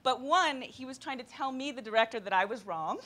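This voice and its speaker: A woman documentary director telling an animated anecdote on a festival panel. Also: high-pitched, brisk. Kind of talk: panel storytelling.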